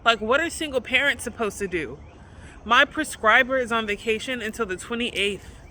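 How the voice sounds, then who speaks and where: A woman's voice: a little high, lively intonation, normal speed, pushed and bright, slight background noise. A woman filming herself in a car for her vlog, talking straight to the phone camera. She vents candidly, repeats her points for emphasis and swears freely. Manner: emphatic, repetitive, profane venting. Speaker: vlogger.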